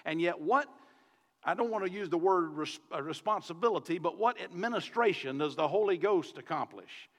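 A man's voice: fairly high pitch, fairly bright tone, long reverb tail. A man with a Southern US accent, a pastor preaching a sermon on a microphone in his church, talking to the congregation in a conversational way with many rhetorical questions. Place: church sanctuary.

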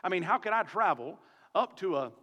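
Speaking into a mic in the church sanctuary, a Southern US pastor delivers a sermon in a conversational way, peppered with rhetorical questions for his congregation. The voice is high-pitched, expressive and a little fast, bright and forceful, trailed by long reverb.

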